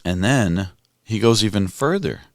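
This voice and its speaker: Low-voiced man musing on scripture. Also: expressive, unhurried, no room sound, clean studio sound. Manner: musing, conversational, thinks aloud with restarts. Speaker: podcast host. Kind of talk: contemplative scripture reflection.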